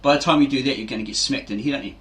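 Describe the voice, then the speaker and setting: A fitness channel host rambles through a casual explanation in a mid-range, slightly bright male voice that races along. He keeps tacking "right?" onto his lines and acts out the quotes he mentions.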